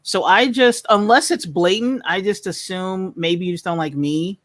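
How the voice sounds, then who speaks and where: A woman's voice: medium pitch, normal speed, no room sound, studio quality. A woman in a casual panel discussion, speaking frankly with hesitant starts and laughter.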